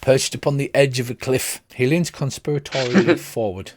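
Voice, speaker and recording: A man's voice: medium pitch, normal speed, hardly any pauses, a little mellow, dry recording, clean studio sound. A man narrating as game master in a casual tabletop game among friends, with a crackly home recording. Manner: casual, descriptive, with fillers.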